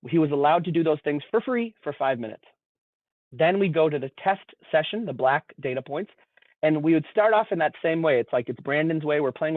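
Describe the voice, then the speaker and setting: A man presenting himself as a behavior analyst earnestly walks listeners through a case in an explanatory talk, often repeating words as he begins a thought. His fairly high voice comes over a dry, tinny, phone-like line.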